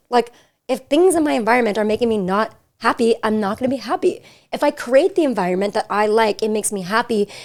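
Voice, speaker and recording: A woman's voice: fairly high pitch, darkish tone. Chatty young woman hosting a podcast. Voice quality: chatty, filler-heavy, giggly. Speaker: podcast host. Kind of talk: casual chat. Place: hotel suite.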